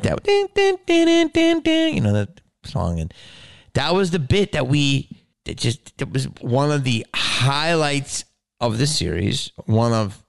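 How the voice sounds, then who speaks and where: A man hosting a podcast, telling a story in a casual, animated way with lots of swearing and laughing. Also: mid-range voice, gravelly, clean tone, no room sound, studio quality. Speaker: podcast host.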